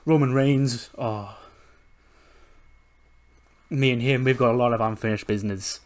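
A man's voice: mid-range voice, fairly even intonation, unhurried, lightly acted. A man doing a rowdy, trash-talking wrestler. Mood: fired up. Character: fired-up male wrestler, calling out a rival.

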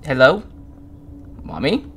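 A man's voice: mid-range voice, huge pitch swings, slow, creaky, fairly bright tone, slightly rough. A man commenting on his own horror game playthrough, jumpy and panicky, swearing and muttering to himself. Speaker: gaming YouTuber.

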